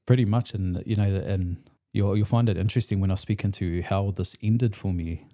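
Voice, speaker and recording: A man's voice: low-pitched, fairly even intonation, moderate pace, dark tone. A man from New Zealand with a New Zealand accent, a podcast guest telling his story in a blunt, profane, slangy way. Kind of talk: candid storytelling in conversation.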